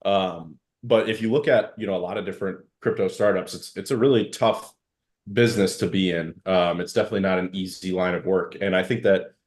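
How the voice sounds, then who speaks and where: A man's voice: sits low, steady tone, a little fast. A man hosting a casual live audio chat and talking at length in loose, meandering explanations as a startup founder.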